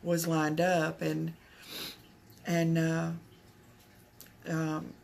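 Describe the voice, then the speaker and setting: A woman's voice: low-pitched, monotone, very slow, vocal fry, a little mellow, slight background noise. A woman from Texas, telling a personal story to camera in a rambling way, full of fillers and restarts. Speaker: vlogger.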